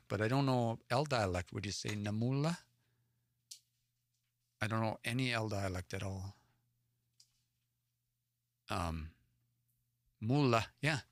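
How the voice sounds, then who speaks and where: Hosting a livestream, a man from the Edmonton area in Alberta, Canada, reads a Cree story aloud, translates it word by word, and works out unfamiliar words by sounding them out. His mid-range voice comes through at studio quality, free of room sound.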